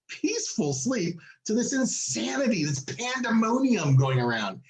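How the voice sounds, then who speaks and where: A fairly high-voiced man tells a story in a loose, chatty way, mimicking everyone he quotes with sudden leaps in pitch. The recording has a noticeable roomy echo around him. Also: a little slow, few pauses. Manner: animated, acts out quoted people with big pitch jumps. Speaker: podcast co-host. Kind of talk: casual storytelling chat. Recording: echoey room.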